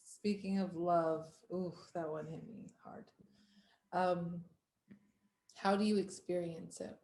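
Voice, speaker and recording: A woman hosting an interview, asking questions softly and giving brief affirmations. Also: fairly low pitch, steady tone, takes it slowly, roomy sound. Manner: soft, brief affirming responses. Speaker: interviewer, host.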